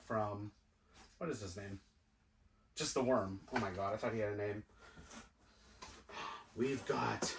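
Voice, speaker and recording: A man with a lowish voice unboxes toys in a crowded indoor room, slowly musing aloud to himself as a collector vlogger. The recording is noisy and echoey, with the mic placed far away.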